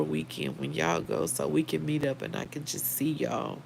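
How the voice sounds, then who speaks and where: A woman's voice: low voice, steady tone, moderate pace, vocal fry, few pauses, darkish tone, slight background noise, low-quality recording. A middle-aged woman, hosting a casual livestream, heartfelt and emotional, talking straight to her viewers by name. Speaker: livestream host.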